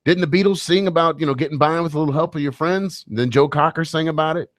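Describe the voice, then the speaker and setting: A man's voice: on the high side, fast, no room sound. A man hosting a radio talk show, bantering casually with wry, joking asides.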